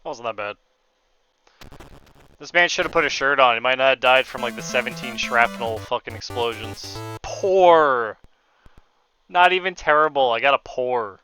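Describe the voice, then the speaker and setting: A man's voice: medium pitch, moderate pace, pushed and bright, clear, resonant tone, faint music behind, rough recording. A young man streaming a game, giving casual commentary in a joking, profane way, laughing often.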